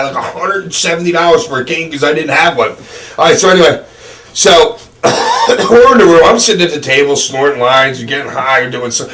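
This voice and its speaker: A man's voice: on the high side, a bit bright. A man telling a rambling, profane story with lots of laughter in a casual interview.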